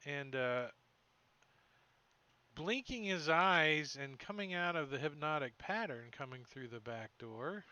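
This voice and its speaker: A man with a bright, forward voice narrates a tabletop game as its dungeon master. He talks in a chatty, lively way and throws in sound effects as he goes. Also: on the high side, slow pace.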